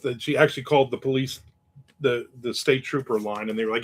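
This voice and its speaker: A man's voice: mid-range voice, fairly even intonation, brisk. A man hosting a casual live chat, telling stories in a wry, cynical way and reading out viewer comments. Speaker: host.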